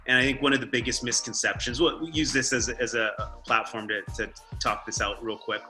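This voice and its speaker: A man hosting an interview over a video call, asking thoughtful, halting questions. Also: mid-range voice, pushed and bright, low-quality recording. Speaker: interview host.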